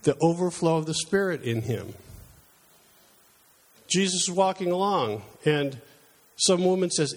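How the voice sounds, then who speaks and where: A man's voice: fairly high pitch, expressive, unhurried. A middle-aged man preaching a conversational sermon, telling personal stories in a chatty, self-deprecating way.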